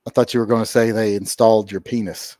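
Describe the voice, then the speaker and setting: A man hosts a casual livestream, reading out super chats from viewers and joking around, rambling with plenty of filler words. His voice is on the low side, level in tone, quick and warm. The audio is clean studio sound with no room echo.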